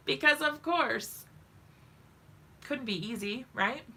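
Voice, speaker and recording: A woman's voice: high-pitched, lively intonation, drawn-out words, sharp tone, breathy edge. A woman hosting a craft live stream, chatting casually and giggling with viewers in the chat while she works at home.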